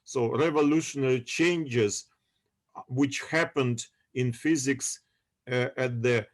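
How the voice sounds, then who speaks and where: Over a video call, a male university lecturer teaches an online class at a slow pace and a middling pitch. He halts often, searching for English words and leaning on lots of fillers, and he keeps checking that his students are following.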